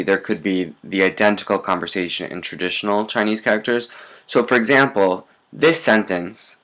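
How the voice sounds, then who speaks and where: A man's voice: lowish voice, a bit bright. A man teaching in a recorded lesson, explaining step by step and often checking in with "right?". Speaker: language teacher.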